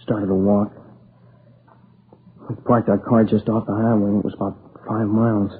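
Brief: actor as a young robbery survivor in an old radio crime drama, low flat voice, halting, tinny lo-fi sound. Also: male voice, close to an everyday voice. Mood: weary, shaken. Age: young adult. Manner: halting, broken restarts, near tears. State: exhausted. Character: shaken young man, grieving survivor of a robbery. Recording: tinny lo-fi old broadcast with hiss.

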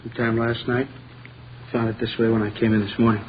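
A man's voice: medium pitch, little pitch movement, fairly quick, slight background noise, lightly acted. A man playing a polite, shaken young lawyer. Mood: upset. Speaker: new lawyer. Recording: old lo-fi radio recording.

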